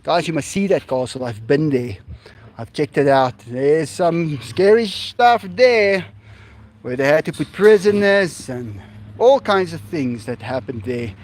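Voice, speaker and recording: A man's voice: fairly high pitch, lively intonation, unhurried, a little mellow. A man with a South African accent, Afrikaans his first language, chatting animatedly to livestream viewers beside an animal enclosure. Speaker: livestream host. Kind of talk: casual livestream chat.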